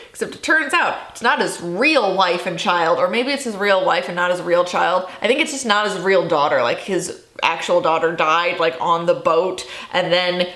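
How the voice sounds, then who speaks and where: A woman's voice: fairly low pitch, expressive, moderate pace, few pauses, fairly bright tone. Sarcastic young woman in an echoey room. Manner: sarcastic, exasperated, laughing asides. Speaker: book vlogger. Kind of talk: casual chat.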